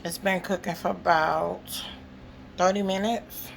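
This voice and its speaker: A woman with a gravelly, slightly low voice walks viewers through a home-cooked meal. She chats casually and keeps checking in with her audience. Faint kitchen noise sits behind her. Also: steady tone, a little slow. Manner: chatty, addresses viewers, frequent "okay?" check-ins. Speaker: cooking vlogger. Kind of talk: casual cooking demonstration.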